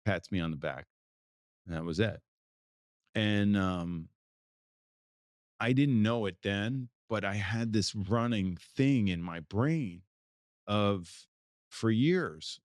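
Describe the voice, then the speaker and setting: A man in his forties from the United States, speaking as an interview guest in a low voice. He talks in a loose, rambling way, circling back and restarting his sentences. The sound is dry and close to the mic. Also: slow, long pauses, darkish tone, no echo. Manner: rambling, with many restarts and fillers. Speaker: photographer, guest. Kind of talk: casual interview talk.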